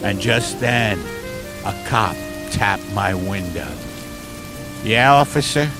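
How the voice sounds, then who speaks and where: A man's voice: on the low side, slow pace, over loud music. A man hosting a comedy podcast, rambling through a surreal improvised story and chatting. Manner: rambling, surreal, self-interrupting. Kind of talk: absurd improvised storytelling and casual chat.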